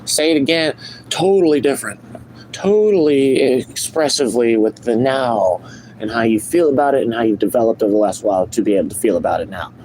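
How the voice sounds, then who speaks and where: A man's voice: mid-range voice, brisk, darkish tone, slight background noise, poor audio. A man ranting and preaching self-improvement in a profane, rambling live stream monologue.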